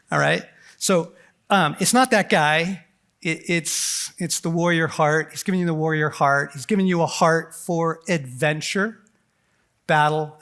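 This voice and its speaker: A middle-aged man with a notably high voice preaches to a conference crowd. He tells the story in an animated, joking way, slips into little voices for quotes, and keeps checking in with "okay?" and "right?". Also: gravelly. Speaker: conference speaker. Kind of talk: lively sermon-style talk to a men's conference. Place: conference hall.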